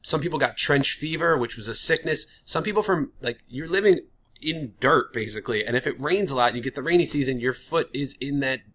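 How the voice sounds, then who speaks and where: A man's voice: medium pitch, animated, fairly quick, a bit bright. A man teaching a history lesson in a casual, chatty way, often using filler words. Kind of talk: classroom lecture.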